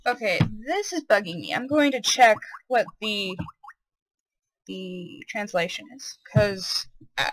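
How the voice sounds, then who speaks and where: A woman's voice: medium pitch, expressive, takes it slowly, dry recording, poor audio. A woman giving gameplay commentary, curious and speculating aloud as she plays. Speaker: let's play host.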